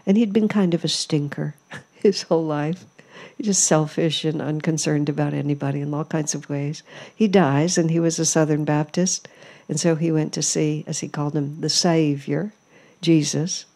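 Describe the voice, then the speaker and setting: A woman's voice: sits low, fairly even intonation, normal speed. A woman giving a spiritual talk in an ashram, telling stories in an amused, reflective way. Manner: warm storytelling, amused, reflective. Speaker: spiritual teacher. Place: ashram hall.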